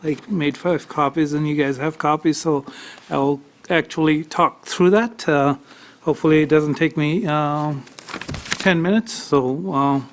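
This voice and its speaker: A man testifying at a tax appeal hearing, halting and full of fillers as he grows emotional telling his story. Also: a little high, a little hiss or hum. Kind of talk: unscripted testimony.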